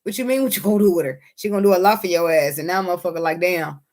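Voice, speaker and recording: A woman giving a casual tarot reading, blunt, excitable and swearing freely. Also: lowish voice, racing. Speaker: tarot reader.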